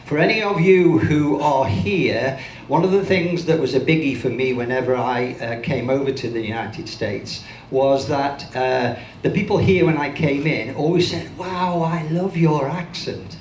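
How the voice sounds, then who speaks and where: A man's voice: medium pitch, normal speed, a little hiss or hum. An older man from Birmingham, England, with a Birmingham accent, giving a joking, self-deprecating keynote talk to a conference audience. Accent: Birmingham English. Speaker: motivational speaker. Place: large conference hall with audience. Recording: echoey hall sound.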